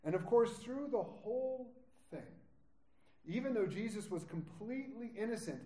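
A man's voice: high voice, lively intonation, normal speed, echoey room. A man preaching a sermon, retelling scripture and voicing its characters with growing intensity. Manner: prays softly, then preaches with rising intensity, acting out quoted lines. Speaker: pastor.

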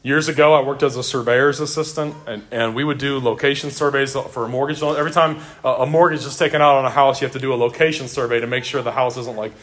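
A man's voice: mid-range voice, fairly even intonation, quick pace, few pauses, a bit bright. A middle-aged man preaching a sermon to a church congregation, earnest and emphatic, often repeating his phrases for weight. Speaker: pastor.

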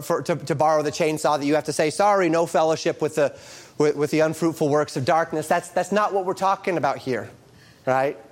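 A man delivers a sermon, reading King James scripture aloud and explaining it verse by verse. He is emphatic, with lively rises and drops in pitch and volume.

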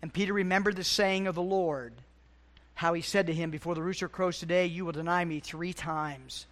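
A middle-aged man preaching a sermon as pastor, swinging between loud, emphatic peaks and quiet, hushed asides. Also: a little high, steady tone, brisk.

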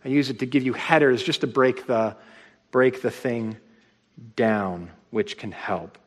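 A man preaching a plain-spoken, emphatic sermon to his congregation, slowing down to stress his points. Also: mid-range voice. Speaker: pastor. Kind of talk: conversational sermon. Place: church sanctuary. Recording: long reverb of a large hall.

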